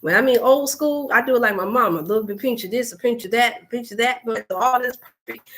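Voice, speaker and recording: A woman's voice: on the high side, fast. Chatty woman hosting a wellness livestream. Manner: chatty and animated, addressing viewers directly. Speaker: wellness coach and host. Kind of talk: casual livestream chat.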